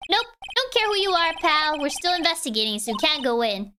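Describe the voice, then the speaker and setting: A woman doing a gruff, blustery cop. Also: sits high, big pitch swings, fairly quick, noisy background. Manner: blustery, street-talking. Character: gruff scruffy male police detective.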